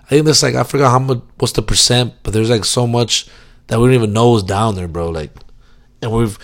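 A young man rambling in a casual vlog monologue, swearing constantly and mocking himself with loose filler-heavy talk. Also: lowish voice. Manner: profane, self-mocking, rambling with many fillers. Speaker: vlogger.

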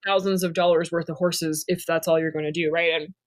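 A woman's voice: low voice, flat delivery, a little fast. A woman in her thirties, co-hosting a podcast in casual chat, speaking candidly and with lots of energy, swearing freely. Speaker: podcast co-host.

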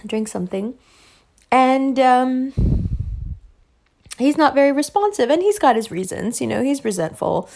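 A woman tells a story in a loose, casual monologue. She swears freely, leans hard on her points and breaks into laughter often. Her voice sits a little high. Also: lively intonation, measured pace, gravelly, long pauses, darkish tone. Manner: profane, emphatic, laughs often. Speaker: parent telling a story.

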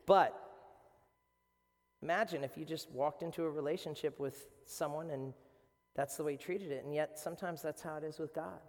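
A man with a Boston accent preaching a sermon as pastor, animated and acting out the quoted voices. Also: on the high side, moderate pace. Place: church sanctuary. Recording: reverberant church hall.

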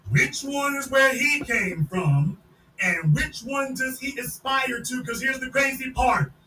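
A podcast host, a man, loudly mocking a video in casual commentary and repeating his points. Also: very high voice, measured pace. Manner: mocking, loud, repetitive. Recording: echoey room, distant mic, faint noise.

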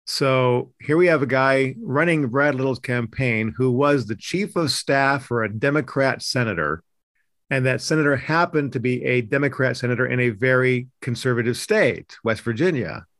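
A man hosts a political podcast in an emphatic, indignant way, often stumbling and restarting his sentences. His voice sits at an ordinary middle pitch. It is recorded on a close mic with a dry, deadened sound. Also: moderate pace, a bit bright, no room sound. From Idaho. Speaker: podcast host, news editor.

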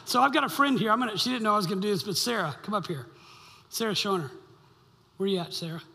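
A man preaches in a church sanctuary, keeping it chatty and joking with the congregation. His voice sits high for a man and rings bright. A long hall reverb trails behind every line. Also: fast talker, gravelly. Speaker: pastor. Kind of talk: sermon.

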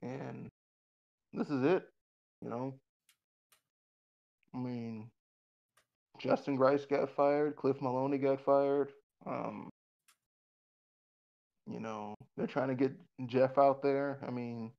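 A man's voice: mid-range voice, fairly even intonation, takes it slowly, vocal fry, pauses often, lo-fi sound. A man in casual conversation who rambles, restarts often, repeats words and swears bluntly.

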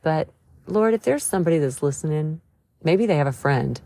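Woman podcast host, low husky voice, mellow, earnest faith talk. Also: lively intonation, moderate pace. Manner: earnest, emphatic and conversational. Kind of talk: devotional podcast monologue.

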